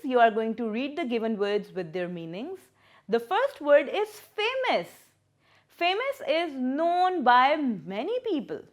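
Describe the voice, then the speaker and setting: Woman teacher, unhurried and sing-song, patient with young learners. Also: high voice. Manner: patient, repeats words and splits syllables. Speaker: primary school English teacher. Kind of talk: recorded classroom lesson.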